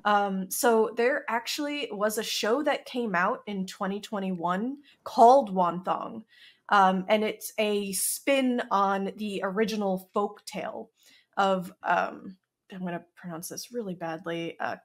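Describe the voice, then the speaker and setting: A woman co-hosting a casual recap podcast, explaining what she looked up with many pauses and fillers. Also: mid-range voice. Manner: hesitant, many ums and uhs, explains research. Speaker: podcast co-host.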